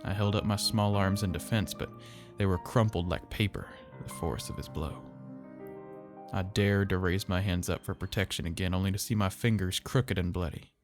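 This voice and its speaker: Low-voiced man narrating a horror story. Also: fairly even intonation, music in the background. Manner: slow, measured, somber telling.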